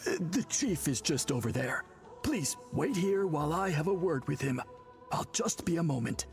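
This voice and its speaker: A man voicing a polite, formal tribal priest in a video game, courteous and measured. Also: a little high, very animated. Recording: game audio with faint music.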